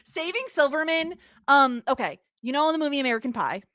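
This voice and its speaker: Lively woman cohost, bright higher voice, dry close sound, jokey. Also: brisk, no echo. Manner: animated, jokey, bursts into laughs. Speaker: podcast co-host. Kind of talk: casual chat.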